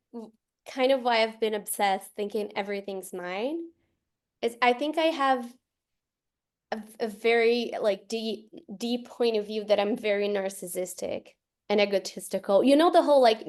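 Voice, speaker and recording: A woman's voice: on the high side, moderate pace. A woman taking part in a class, sharing her thoughts hesitantly and searching for words. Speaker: class participant.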